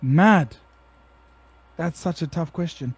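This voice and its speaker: Laid-back South African man, slangy, higher voice. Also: takes it slowly, husky, no room sound. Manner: laid-back slangy, says bro often. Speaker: guest streamer. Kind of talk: casual podcast chat.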